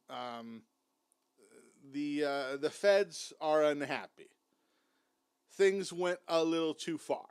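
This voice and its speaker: A man's voice: a little high, slow, pauses often, smooth, dry recording. Dry, sarcastic man hosting a stream. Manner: mocking, swears a lot, talks over clips. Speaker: stream host. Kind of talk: casual watchalong commentary.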